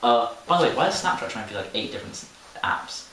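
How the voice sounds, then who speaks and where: A man's voice: medium pitch, sing-song, quick pace, a bit bright. A young man co-hosting a podcast, telling a rambling, laugh-filled story and mimicking the voices in it. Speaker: podcast co-host. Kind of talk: casual chat. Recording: roomy, distant mic with faint hiss.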